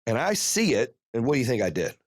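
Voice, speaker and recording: A man hosts a podcast and tells a story casually, with plenty of cursing. He drives the story forward in rapid play-by-play bursts at an ordinary pitch. The sound is dry and close, with no room around it. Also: no room sound. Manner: profane, animated, rapid play-by-play. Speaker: podcast host.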